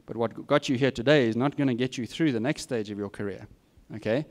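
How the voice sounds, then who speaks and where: A middle-aged man talks to students in a slightly fast, mid-range voice that is a little mellow. As a guest speaker in an informal session, he gives straightforward, candid career advice peppered with self-deprecating remarks.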